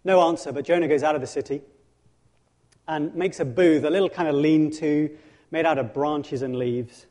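A man preaching with animated storytelling, his voice sitting slightly high. He acts out scripture, stumbles and restarts often, and shifts between soft asides and loud bursts. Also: normal speed. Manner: frequent restarts and self-corrections. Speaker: pastor. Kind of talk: sermon.

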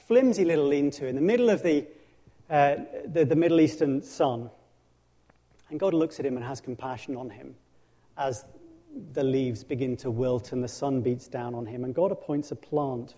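A man preaching a sermon in animated storytelling, dramatizing scripture with frequent restarts. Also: mid-range voice, normal speed. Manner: frequent restarts and self-corrections. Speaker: pastor.

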